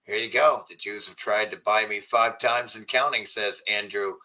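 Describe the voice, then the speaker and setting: A man giving crude, mocking reaction commentary on video clips, swearing and breaking into loud outbursts. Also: lowish voice, steady tone, normal speed, hardly any pauses.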